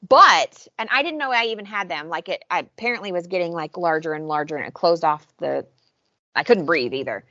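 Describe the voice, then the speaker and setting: A woman co-hosting a podcast, chatting casually and recapping episodes with animated storytelling. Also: fairly low pitch, fairly quick, no echo, dull audio. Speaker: podcast co-host. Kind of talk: casual chat.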